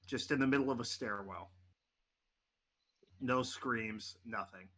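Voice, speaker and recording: Bright-voiced male game master. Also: mid-range voice, slow pace, slight background noise. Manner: vivid, dramatic narration. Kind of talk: narrating a tabletop game.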